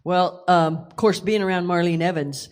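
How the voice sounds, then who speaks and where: A woman's voice: on the low side, steady tone, normal speed. Talkative woman on a church panel. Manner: talkative, light laughs. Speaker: magazine editor on panel. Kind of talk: panel answer.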